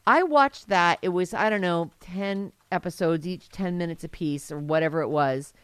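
A woman's voice: on the low side, moderate pace, clean tone, dry recording. A woman co-hosting a crude comedy podcast, rambling enthusiastically and laughing often. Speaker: podcast co-host. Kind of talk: casual crude comedic chat.

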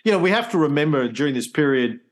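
A man's voice: fairly high pitch, sing-song, fast talker. A man co-hosting a history podcast, explaining events with restarts and dry jokes. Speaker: co-host. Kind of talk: casual history podcast chat.

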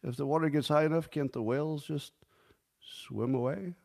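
A man's voice: on the high side, moderate pace, vocal fry. Sarcastic man musing solo on the news. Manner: sarcastic, deadpan joking with sudden mock outbursts. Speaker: podcast host. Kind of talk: casual solo commentary.

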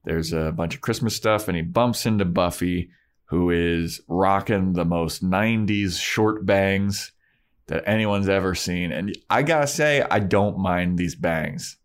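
A man's voice: sits low, unhurried. A man co-hosting a podcast, casually recapping a TV episode with loose jokes and silly voices for the characters. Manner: loose, joking, does silly voices when retelling scenes. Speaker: podcast co-host.

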